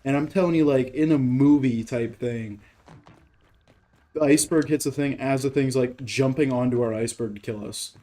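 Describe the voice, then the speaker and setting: A man hosting a gaming stream tells a long story while he plays. His voice sits in a middle pitch with a mellow, dark tone. He rambles, swears freely, and keeps tossing in rhetorical questions. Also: moderate pace. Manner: rambling, profane, heavy on fillers and rhetorical questions. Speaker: gaming channel host. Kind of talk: casual storytelling while playing a game.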